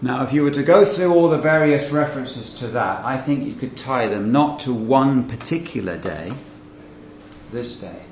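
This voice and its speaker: A man of middle pitch preaches a Bible-teaching sermon in an earnest, questioning manner, stressing key phrases. The recording is roomy and a little dull, with a faint hiss underneath. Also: lively intonation, moderate pace.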